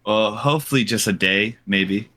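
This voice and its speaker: A man's voice: fairly low pitch, normal speed, sharp tone. A man playing a tabletop game, joking and slangy in casual chat. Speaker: player.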